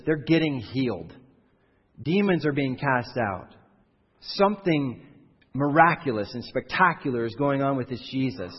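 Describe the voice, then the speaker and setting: Husky male pastor preaching in a hall. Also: medium pitch. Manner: conversational preaching, rising to emphatic. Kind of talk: sermon. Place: church sanctuary. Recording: dull sound in a long-reverb church hall.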